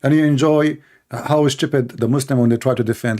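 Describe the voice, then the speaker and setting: A man's voice: mid-range voice, fairly even intonation, fairly quick, dark tone. A man hosting a call-in show, talking in a sarcastic, scornful monologue with broken grammar and rhetorical questions. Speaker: show host taking calls. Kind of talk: mocking monologue commentary.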